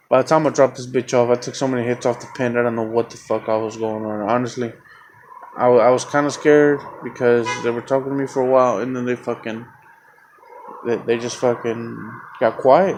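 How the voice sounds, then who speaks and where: A man telling a long story on his own podcast. He talks in a loose, rambling way, swears constantly and gets heated. His voice sits at an ordinary middle pitch, with a faint hiss of background noise behind him. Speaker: podcast host. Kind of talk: casual storytelling.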